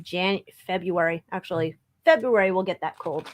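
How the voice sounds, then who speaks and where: A woman's voice: lowish voice, moderate pace. A woman co-hosting a live tarot stream, chatting in a playful, bubbly way and swearing casually. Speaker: tarot reader co-host. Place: home room.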